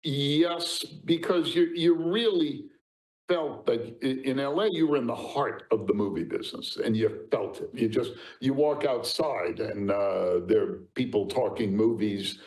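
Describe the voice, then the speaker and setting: An older man, a talent agent, telling anecdotes as an interview guest, lively and laughing often. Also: medium pitch, unhurried, low-quality recording. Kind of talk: anecdotal storytelling.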